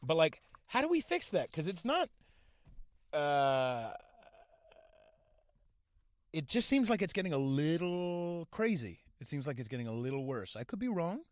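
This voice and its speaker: A man hosting a podcast, delivering a crude, profane rant that swings between mumbling and shouting. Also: a little high, big pitch swings, unhurried, pauses often, no echo. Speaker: podcast host. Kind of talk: profane ranting monologue.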